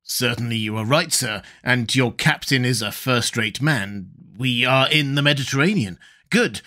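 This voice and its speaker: A man's voice: mid-range voice, moderate pace, sharp tone, lightly acted. A man voicing a blunt, plain-spoken adult Canadian harpooner in an audiobook.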